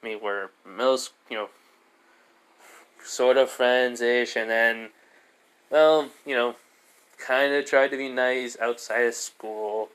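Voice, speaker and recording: A man voicing a teenage boy student who is sore and modest and talks in a hesitant, halting way. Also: mid-range voice, fairly even intonation, a bit bright, smooth. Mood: explaining.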